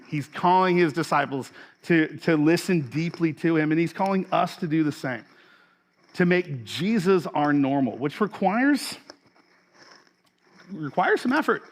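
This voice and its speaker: A man's voice: a little high, expressive, unhurried. A man in his forties, a pastor, giving a sermon in a loose conversational way with many fillers and restarts.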